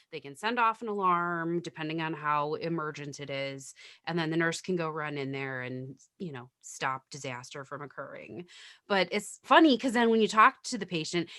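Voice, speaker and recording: A woman's voice: low-pitched, sharp tone, no room sound, studio quality. A woman nurse chatting candidly on a podcast, telling work stories and swearing casually. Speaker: nurse, guest.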